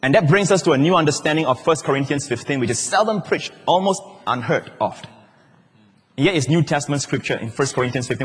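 A man preaching, his husky, slightly raised voice carrying through a big hall with a long echo. He keeps checking in with listeners and slips in playful asides between points. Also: a little high, animated, fairly quick. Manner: playful, teasing asides to the congregation. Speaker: pastor. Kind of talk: sermon. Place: large church hall.

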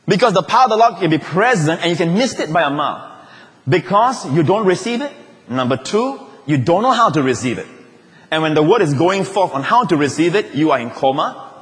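A pastor, preaching a lively sermon with jokes and playful asides. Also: male voice, sits high. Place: large church auditorium. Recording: long reverb of a large hall.

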